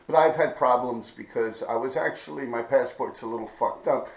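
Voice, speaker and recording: A man telling a rambling personal story in profane street slang, often clearing his throat. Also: medium pitch, a little fast. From New York City. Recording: dull, echoey room recording.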